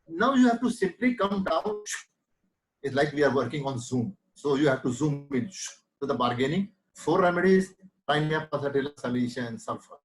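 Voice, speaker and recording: A man's voice: on the high side, lively intonation, normal speed, rough recording. A middle-aged man with an Indian English accent, teaching a homeopathy lecture with emphatic repetition. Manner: emphatic, repeats key words, acts out patient quotes.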